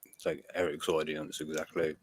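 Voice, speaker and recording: Low-voiced man hosting a casual stream. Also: little pitch movement, moderate pace, crowd noise. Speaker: stream host. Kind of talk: casual group stream chat.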